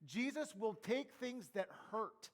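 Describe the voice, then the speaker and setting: A middle-aged pastor preaching a sermon, moving between quiet, close asides and loud, emphatic calls. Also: male voice, sits high, sing-song, takes it slowly.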